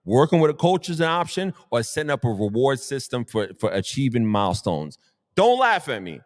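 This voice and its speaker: A man hosting a live motivational stream, speaking at a middling pitch. His voice carries a long, hall-like reverb. He talks in an animated, preaching way and circles back to the same lines for emphasis. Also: a little fast. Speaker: motivational show host. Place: Brooklyn area.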